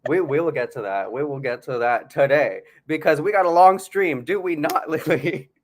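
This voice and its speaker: A man's voice: fairly high pitch, normal speed. A man co-hosting a casual livestream chat, upbeat and playful, laughing often. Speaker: livestream co-host.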